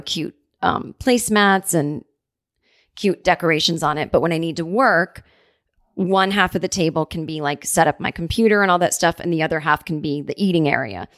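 A woman's voice: fairly low pitch, no room sound, clean studio sound. Chatty woman telling home stories. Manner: chatty, animated, acts out quoted people. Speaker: podcast host. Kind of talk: casual solo storytelling. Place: home apartment.

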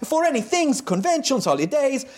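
A man voicing an Italian fan writing in broken English, with a put-on Italian accent and choppy, halting phrasing. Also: extremely high pitch, sing-song, darkish tone, voice pushed up. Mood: gushing.

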